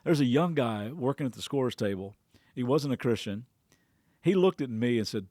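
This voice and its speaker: A man's voice: mid-range voice, animated, normal speed, dark tone, no room sound, studio quality. A middle-aged man, a pastor hosting a devotional podcast, tells a personal story in a chatty way, with frequent restarts and quotes he acts out.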